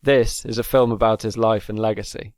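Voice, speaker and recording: A man reading scripted documentary narration in a measured, formal manner. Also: fairly low pitch, fairly even intonation, darkish tone, slight background noise.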